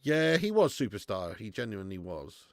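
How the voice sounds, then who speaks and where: A man hosts a live football watch-along, bantering animatedly, swearing freely, and reading and answering chat. His voice is on the low side and creaky at a moderate pace, with studio-quality sound and no echo.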